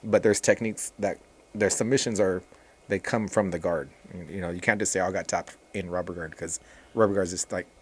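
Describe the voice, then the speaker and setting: A man with a very low voice, talking casually as a podcast guest. He rambles in a relaxed way, restarting his sentences and filling pauses as he explains how he teaches. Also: husky. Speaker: jiu-jitsu instructor and guest.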